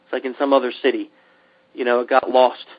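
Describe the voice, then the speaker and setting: A man hosting a podcast, telling a long travel mishap story in a casual, animated way and acting out the people in it. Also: medium pitch, quick pace. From Pennsylvania. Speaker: podcast host. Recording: dull lo-fi podcast audio.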